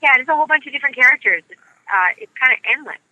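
A voice actress who grew up in the United States chats as an upbeat, bubbly guest in a casual interview. Her high voice is animated, very fast, pushed and bright, though the recording is muffled.

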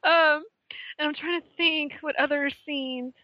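A woman co-hosting a casual movie talk, chatty and quick to laugh as she retells favorite scenes. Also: sits high, fairly even intonation, no echo, highs cut off. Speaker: podcast co-host.

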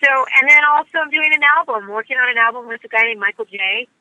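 A woman's voice: a little high, quick pace, pushed and bright, dry recording, lo-fi sound. A woman who grew up in the United States, a voice actress chatting upbeat and bubbly in an interview. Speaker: voice actress guest. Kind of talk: casual interview chat.

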